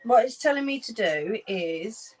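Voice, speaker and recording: Her voice on the high side, a Cockney woman hosts an animated, unhurried sewing livestream, chatting to viewers and laughing a lot as she works. The audio quality is poor.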